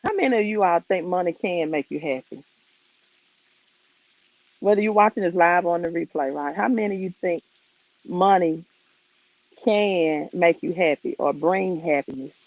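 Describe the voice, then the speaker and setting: A woman's voice: on the low side, moderate pace, pauses often, darkish tone, no room sound, dull audio. A woman from Mississippi with a Mississippi Southern accent, hosting a casual finance live stream outdoors on her phone, chatty and conversational as she greets viewers.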